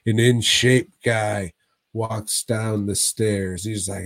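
A man's voice: on the low side, fairly even intonation, slow pace, vocal fry, a bit bright. A man co-hosting a casual podcast, rambling with heavy swearing and frequent laughs. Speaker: podcast co-host.

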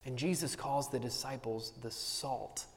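A man preaching a sermon as pastor, earnest and emphatic, with bursts of animated humor. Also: medium pitch, measured pace, long reverb tail.

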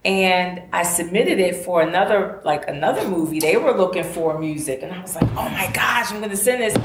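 An older woman, an independent filmmaker, speaking on a panel and telling animated stories with acted-out quotes. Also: on the low side, a little fast. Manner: animated, storytelling, acts out quoted dialogue. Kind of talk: panel discussion. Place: panel event room. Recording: echoey room with background noise.

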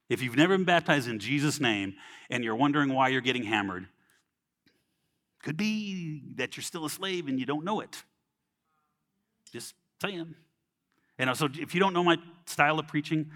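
A man's voice: fairly high pitch, a bit bright. A man preaching a sermon in a casual, conversational way, often checking in with "right?" and acting out quoted people in little voices.

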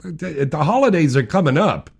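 A male talk radio host with a voice that moves a lot in pitch. He chats loosely, jokes and laughs along with guests and callers. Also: expressive, normal speed, gravelly. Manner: loose, joking, laughs often. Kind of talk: casual talk radio chat.

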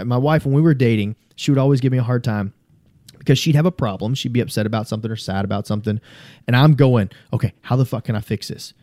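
A man's voice: mid-range voice, dark tone, no room sound, clean studio sound. A man talking as a podcast guest, telling long, rambling stories in a casual, earnest way and swearing freely. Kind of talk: casual conversational storytelling.

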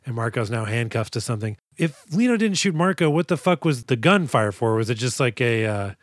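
A man co-hosting a podcast, recapping a movie in casual chat, animated and profane as he acts out scenes. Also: medium pitch, a little fast, dry recording, clean studio sound. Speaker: podcast co-host.

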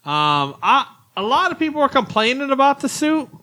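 A man's voice: very high-pitched, sing-song, moderate pace, pushed and bright. A man co-hosting a podcast, talking easygoingly with frequent hesitations. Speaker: podcast co-host. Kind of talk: casual chat.

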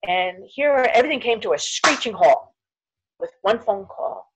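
A woman's voice: on the high side, moderate pace, noisy background. A middle-aged woman, a podcast guest, telling her own story, acting out the people she quotes and dropping almost to a whisper at the hardest parts. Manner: animated storyteller, acts out quoted voices, drops to near whisper at hard moments. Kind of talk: personal storytelling interview.

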